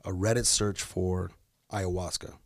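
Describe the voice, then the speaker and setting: A man's voice: deep voice, a little slow, no room sound, clean studio sound. A man from Detroit, a comedian guest on a podcast, telling a long story in casual talk, swearing freely and voicing the people in it. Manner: animated storyteller, swears freely, voices the people in his stories.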